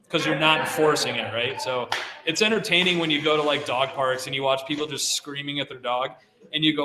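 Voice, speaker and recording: A middle-aged man who handles avalanche dogs gives a casual talk to a live audience, relaxed and chatty with lots of "like" fillers. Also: mid-range voice, brisk, background noise. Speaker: guest speaker, avalanche dog handler. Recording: roomy hall sound.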